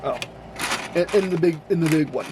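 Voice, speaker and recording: Sorting through Lego and building, a man with a fairly high voice talks to himself at normal speed. His chatter is rambling and full of self-corrections, recorded in a noisy room with a running air conditioner.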